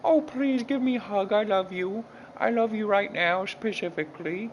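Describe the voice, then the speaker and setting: A man voicing his young, energetic male housecat in a high, squeaky put-on voice, clingy and boastful. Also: normal speed, dull audio, slight background noise, natural voice. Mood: pleading.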